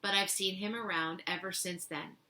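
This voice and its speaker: A woman reading a children's novel aloud as a teacher, giving the dialogue lively expression. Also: medium pitch, normal speed. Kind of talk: storybook read-aloud.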